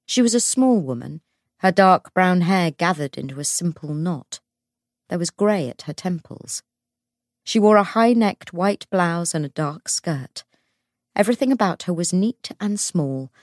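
A woman narrating an audiobook in an expressive, dramatic way. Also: on the low side, dry recording, clean studio sound.

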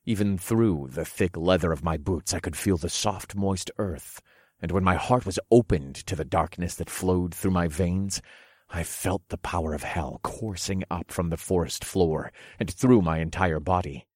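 Brief: male audiobook narrator, deep, steady, dramatic, dry booth sound. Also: normal speed, no room sound. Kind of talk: first-person audiobook narration.

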